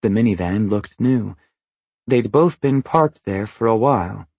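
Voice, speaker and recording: A man narrating a first-person novel in an even, understated, matter-of-fact way. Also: on the low side, a little slow, slightly rough, dry recording. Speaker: audiobook narrator.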